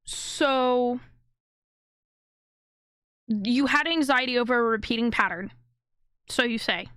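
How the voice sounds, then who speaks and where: A woman's voice: a little high, slow pace, fairly bright tone, clear, resonant tone, no room sound, studio quality. A woman streamer giving live reaction commentary on a video, blunt and indignant, swearing freely.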